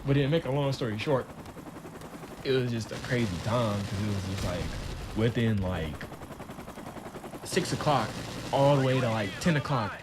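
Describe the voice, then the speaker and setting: A man's voice: medium pitch, noisy background. Young guy chilling, telling a storytime, slangy and easygoing, medium voice. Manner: laid-back, slangy, laughs at own story. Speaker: channel host. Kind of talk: storytime vlog.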